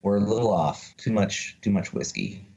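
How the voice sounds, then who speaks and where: A man's voice: fairly low pitch, moderate pace, gravelly, darkish tone, breathy edge, low-quality recording. A man from Ireland, wry and swearing casually on a podcast.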